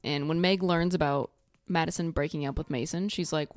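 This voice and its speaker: A woman's voice: sits low, steady tone, normal speed, no echo, faint music behind. A woman recapping a reality show in a casual vlog, blunt and sarcastic, swearing freely. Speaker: TV recap vlogger.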